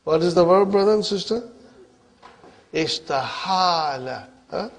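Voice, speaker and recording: A man with a higher-pitched voice teaches an Arabic grammar class, animated but at a measured pace. He keeps quizzing his students and repeatedly checks whether they understand. His explanations switch back and forth between English and Arabic.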